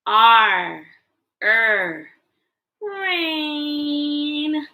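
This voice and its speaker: A woman teaching young children on a livestream, leading a sing-song alphabet warm-up. Her voice is high and bright, and she takes her time, acting out each word with playful sounds. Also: lively intonation, very slow. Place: home livestream.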